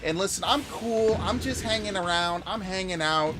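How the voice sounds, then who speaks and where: A man putting on the voice of an airy young woman who calls herself an empath, gushing in a drawn-out, breathy mocking tone. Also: high voice, over music, pitched above the performer's own voice, close to an everyday voice. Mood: breezy.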